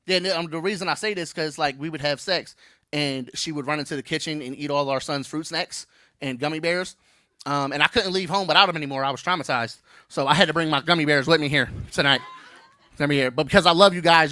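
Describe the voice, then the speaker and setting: A man's voice: a little high, sharp tone, no room sound, clean studio sound. A man in his thirties doing a brash, playful stand-up comedy set on stage, teasing the crowd.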